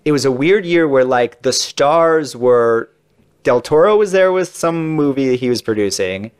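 A man at an ordinary middle pitch spins casual, rambling anecdotes as a podcast guest. He talks in a chatty way, trailing into asides and restarts. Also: expressive, normal speed, clean tone. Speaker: entertainment interviewer, podcast guest.

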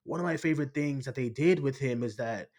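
A man co-hosting a casual pop-culture podcast, talking in an animated way with plenty of swearing. His voice sits in an ordinary middle pitch for a man, and he laughs often as he retells scenes. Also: brisk. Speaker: podcast co-host.

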